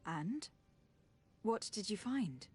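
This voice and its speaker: A composed female envoy in a video game, calm and measured as she weighs her options. Her voice sits at a middling pitch. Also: breathy edge, exaggerated voice.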